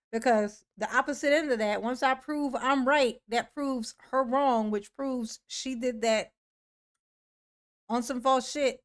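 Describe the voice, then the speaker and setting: A young woman hosts a casual livestream and chats with viewers in a slightly high voice. She talks slowly and drawls her replies, with many "yes, honey" asides. She is playful and laughs often as she reads out names. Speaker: livestream host. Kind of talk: casual livestream chat, reading and answering a live chat.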